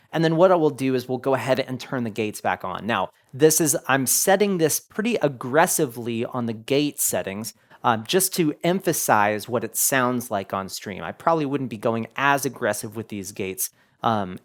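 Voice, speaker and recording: A man hosting a casual audio-gear tutorial, explaining settings step by step in a relaxed, chatty way. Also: medium pitch. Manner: lively, relaxed explaining with many "go ahead" phrases.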